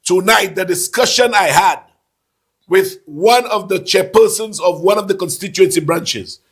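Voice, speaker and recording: A man hosting a casual talk show, animated and laughing, repeating phrases for emphasis. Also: high-pitched, a little slow, slightly rough. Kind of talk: casual call-in political chat.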